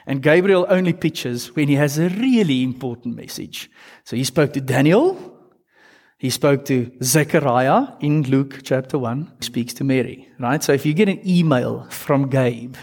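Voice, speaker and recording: A man preaching a sermon in a conversational, animated way, speaking directly to his congregation. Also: mid-range voice, measured pace, long reverb tail.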